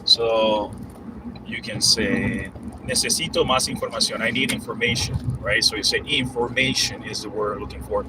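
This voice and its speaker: A man teaching Spanish vocabulary casually while driving, explaining loosely with fillers and slowing down to spell out and repeat examples. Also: on the low side, fairly even intonation. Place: inside a moving car. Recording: distant mic with loud road noise.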